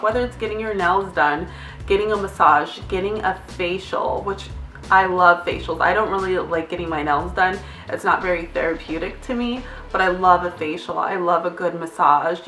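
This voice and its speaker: A woman's voice: mid-range voice, a bit bright, roomy sound, recorded from a distance. A young adult woman, a nurse, giving candid, chatty advice in a casual vlog, now and then glancing at notes and swearing lightly. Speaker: nurse vlogger.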